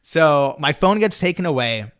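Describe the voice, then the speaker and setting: A man telling a story as a podcast guest, animated and full of "you know" fillers. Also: a little high, normal speed.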